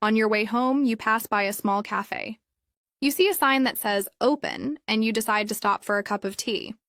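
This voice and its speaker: A woman calmly narrating a story for English learners in clear, evenly paced scripted narration. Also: fairly high pitch, normal speed, no echo, studio quality.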